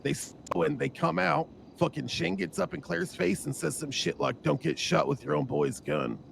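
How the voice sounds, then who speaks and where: A man's voice: fairly high pitch, expressive, moderate pace, creaky, a little hiss or hum. A man speaking in character in a gang roleplay, urgent and insistent, swearing often and pressing his point.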